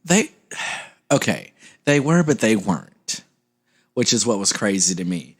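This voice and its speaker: Lower-voiced, playful man. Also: big pitch swings, measured pace, husky. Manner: laughing, playful storytelling. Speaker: podcast co-host. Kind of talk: casual comedic chat.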